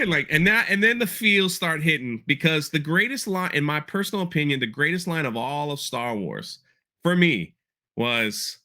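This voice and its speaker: A man's voice: a little high, animated, normal speed, pushed and bright. A man hosting a casual podcast chat, rambling and repeating himself as he talks through a show episode. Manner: rambling, repeats words, quotes lines with feeling. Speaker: podcast host breaking down an episode.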